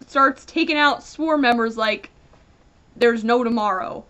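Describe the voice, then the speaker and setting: Bright-voiced ranting woman reviewer. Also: on the high side, slow pace, highs cut off. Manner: animated, rambling, lots of fillers. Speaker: comic book reviewer.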